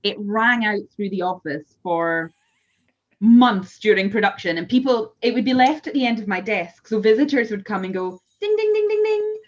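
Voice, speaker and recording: A woman with a Scottish accent, a whisky blender chatting as a guest, animated and self-deprecating in her stories. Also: medium pitch, moderate pace, muffled recording. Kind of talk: casual video-call chat.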